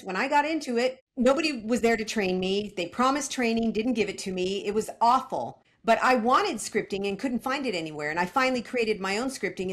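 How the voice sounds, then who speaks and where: A middle-aged woman hosts a podcast on mortgage team training. Her pitch rises and falls a lot, and she presses her points home with emphasis. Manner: emphatic, animated. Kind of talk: casual podcast chat.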